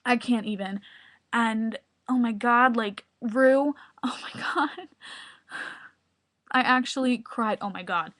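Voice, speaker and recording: A young woman talking excitedly into her webcam at home, gushing and full of filler words. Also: fairly high pitch, slow, pauses often. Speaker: vlogger. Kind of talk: excited casual webcam vlog. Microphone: webcam mic.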